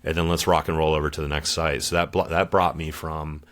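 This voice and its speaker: Deep-voiced laid-back former Marine storyteller. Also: male voice, little pitch movement, fairly quick, fairly bright tone. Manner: laid-back and slangy, calls host dude and brother. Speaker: podcast guest, former Marine. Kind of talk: casual storytelling interview.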